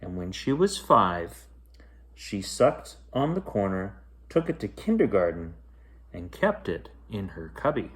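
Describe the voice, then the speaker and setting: Man, bedtime story reader, slow, lilting, expressive, picture book. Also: low-pitched. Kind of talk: bedtime story read-aloud.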